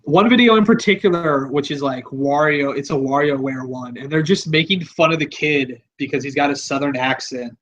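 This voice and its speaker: A man's voice: a little high, normal speed, hardly any pauses, fairly bright tone, highs cut off. A man hosting a podcast, talking in a rambling, offhand, casual way and swearing freely. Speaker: podcast host.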